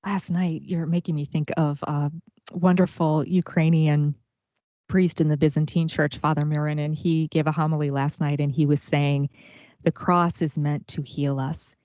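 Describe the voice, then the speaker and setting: A woman's voice: deep voice, little pitch movement, normal speed, mellow, no echo. A woman hosting a faith-based talk show, speaking earnestly and reflectively about family struggles. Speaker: podcast host. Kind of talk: casual faith-based interview chat. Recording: dull, dry lo-fi sound.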